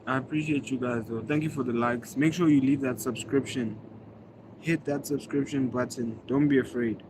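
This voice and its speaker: A man's voice: mid-range voice, fairly even intonation, normal speed, noisy background. A man from South Africa, a native Zulu speaker, chatting casually with viewers on a livestream in a slangy, laid-back way and thanking them by name. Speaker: livestreaming vlogger. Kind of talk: casual live-stream chat reading comments.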